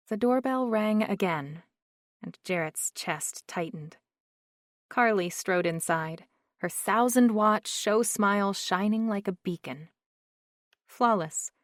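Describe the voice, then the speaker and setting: A woman narrating an audiobook in a slow, measured reading. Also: on the low side, dry recording, studio quality.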